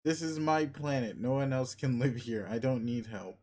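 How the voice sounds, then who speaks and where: A crude, arrogant young alien brat barks rude, bossy lines, as a man reads the webcomic aloud. The voice sits at an ordinary middle pitch, close to the reader's own. It comes across as a webcomic figure read with voices. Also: normal speed, darkish tone, close to an everyday voice. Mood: grumpy. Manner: rude, bossy, foul-mouthed.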